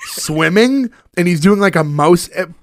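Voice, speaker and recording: A man's voice: high voice, expressive, unhurried. A man hosting a casual chat, recapping an episode with many fillers and restarts. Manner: rambling, many fillers and restarts, laughs often. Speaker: podcast host recapping an episode.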